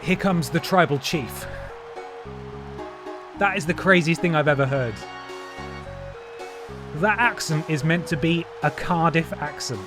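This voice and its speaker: A man's voice: a little high, measured pace, pauses often, over music. Jokey man streaming a game. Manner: chatty, jokey, talks to chat and mods. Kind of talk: casual live-stream commentary.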